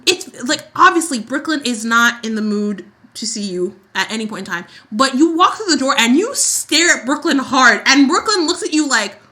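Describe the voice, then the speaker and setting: A woman with a fairly high, bright, forceful voice, ranting in casual chat. She co-hosts a soap opera podcast. She acts out quoted lines as she goes. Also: moderate pace, hardly any pauses. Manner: animated ranting with acted-out quotes. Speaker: podcast co-host.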